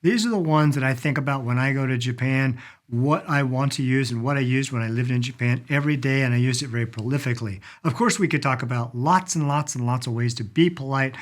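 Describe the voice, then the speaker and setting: A middle-aged man giving a casual spoken language lesson, lively, acting out polite phrases as he goes. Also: mid-range voice. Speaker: language teacher.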